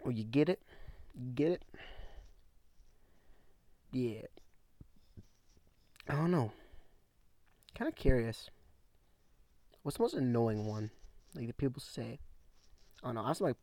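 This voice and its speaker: Young male podcast host, rambling slangy chat, gravelly, dry room. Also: mid-range voice, darkish tone, dry recording. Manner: rambling, casual slang, says bro. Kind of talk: casual solo podcast chat. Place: small room at home.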